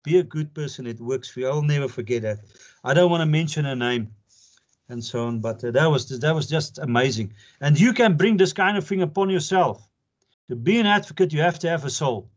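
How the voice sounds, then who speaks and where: In a dull, lo-fi lecture recording, an older South African advocate speaks to pupils in a medium-pitched voice, fairly quickly. His informal talk is earnest but jokey, and he laughs a lot.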